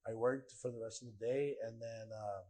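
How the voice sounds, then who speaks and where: A man's voice: mid-range voice, fairly even intonation, normal speed, warm tone. A young man casually telling a story on a podcast, full of slang and profanity and acting out other people's voices. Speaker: podcast guest.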